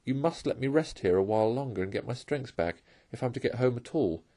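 A man's voice: medium pitch, lively intonation, fairly quick, dark tone. A man voicing a timid, frightened small male mole in a read-aloud storybook, speaking in a trembling, plaintive way.

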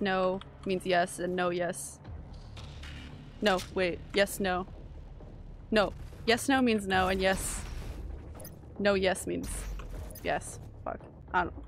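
A woman from Canada streaming a shooter game live, chatting casually, swearing and reacting loudly to the action. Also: medium pitch, steady tone, measured pace, gravelly, pauses often, slight background noise.

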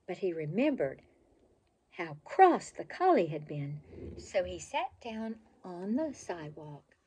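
An older woman reading a picture book aloud as a storyteller, in an expressive, slow and animated way. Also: fairly low pitch, slightly rough.

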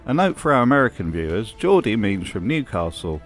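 A man's voice: on the low side, very animated, brisk, faint music behind. A man from Britain reading scripted commentary, with wry and mocking asides. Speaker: video essay host.

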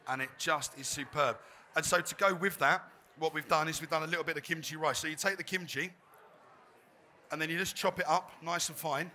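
A man's voice: fairly high pitch, steady tone, fairly quick, bright, forceful tone, a little hiss or hum. A man, a chef giving a live cooking demonstration, chatty and self-deprecating. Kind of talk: live cooking demo talk. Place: trade fair demo stage.

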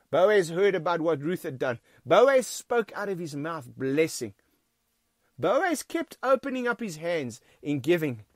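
High-voiced emphatic South African pastor. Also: male voice, no echo, studio quality. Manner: emphatic preaching, repeats key phrases, addresses the congregation as friends. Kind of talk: sermon. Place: church.

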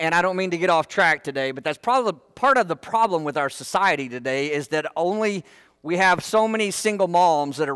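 A man's voice: fairly high pitch, fairly bright tone, clean tone, no echo. A man preaching a sermon in church, folksy and full of joking asides. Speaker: pastor.

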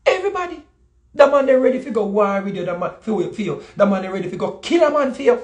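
A guest speaker with a Jamaican accent tells stories in casual chat, his voice high and quick. He's animated, repeats himself and acts out the people he quotes.

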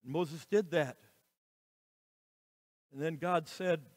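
A man preaching a sermon as pastor, slow and emphatic, with dramatic rises and falls in his voice. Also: fairly high pitch. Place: church sanctuary. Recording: reverberant church hall.

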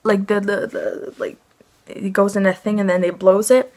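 A woman's voice: medium pitch, level tone, moderate pace, a little mellow. A young woman from Quebec telling an annoyed storytime vlog, rambling with many fillers. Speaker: family vlogger.

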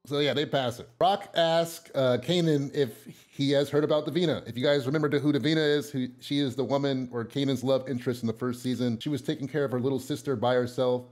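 This man talks fast in a medium-pitched voice, with hardly any pauses, as he casually recaps a TV episode. He's chatty, using fillers and starting sentences over, and gets loud with excitement at big moments.

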